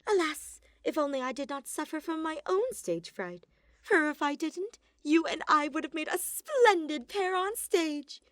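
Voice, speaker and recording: Grand, formal drama queen, played by a woman reader, animated intonation. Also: high-pitched, unhurried, no room sound, clean studio sound, voice pushed up. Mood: theatrical. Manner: theatrical, formal.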